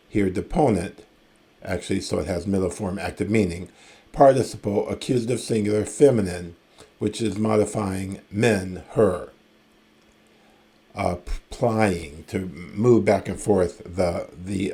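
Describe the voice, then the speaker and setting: Slow, low-voiced male classics lecturer. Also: dark tone. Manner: measured, reads verse aloud slowly, with casual asides and fillers. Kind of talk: recorded lecture reading and explaining ancient Greek.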